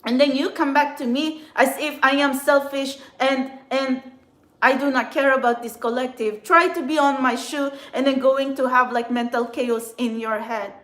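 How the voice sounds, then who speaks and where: Woman tarot vlogger, high voice, heated swearing rant, echoey room. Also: steady tone, moderate pace, fairly bright tone. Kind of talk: angry ranting monologue.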